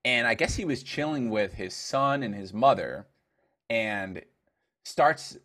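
A man, a dubstep producer as a guest, chatting casually and telling animated stories with lots of fillers and swearing. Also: medium pitch, slow pace. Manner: animated storyteller, heavy filler use, swears. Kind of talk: casual interview chat.

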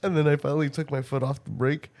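A man hosting a podcast, telling a story in a loose, profane, animated way and often breaking into laughter. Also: mid-range voice, fast talker, a little hiss or hum. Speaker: podcast host. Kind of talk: casual storytelling chat.

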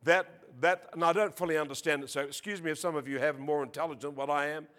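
An Australian man preaching a sermon, joking with the congregation and crying out praises, reading scripture slowly and with emphasis. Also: a little high, steady tone, a bit bright. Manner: jokey, peppered with exclamations of praise. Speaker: visiting preacher.

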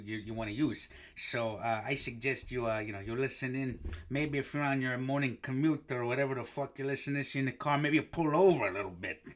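A man's voice: medium pitch, pushed and bright. A man hosting a comedy podcast, talking in a crude, rambling way full of swearing and fillers. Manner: profane, rambling, with many fillers and "okay?". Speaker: podcast host.

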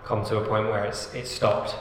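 A man's voice: fairly low pitch, little pitch movement, normal speed. A man chatting casually as a podcast guest, rambling with plenty of fillers. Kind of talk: casual chat. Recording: echoey room with long reverb, faint background noise.

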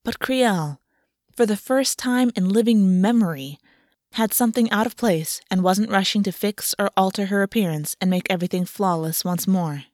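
Calm woman narrating, dry close sound. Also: medium pitch, normal speed, no echo. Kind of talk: audiobook narration.

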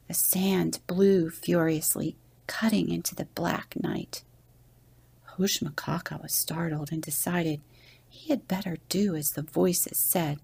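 A woman's voice: on the low side, measured pace, creaky, slightly rough. A woman deacon reading a children's story aloud, slipping into whispers now and then. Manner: gentle read-aloud narration with whispered passages.

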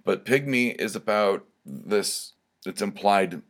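Deep-voiced man rambling through a podcast. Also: slow pace. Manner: rambling, thinks aloud with many ums. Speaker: podcast host. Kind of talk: casual solo podcast talk.

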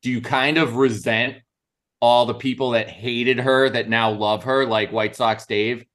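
A man's voice: medium pitch, flat delivery, measured pace, fairly bright tone. A man telling boisterous stories in casual podcast chat. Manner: boisterous storyteller.

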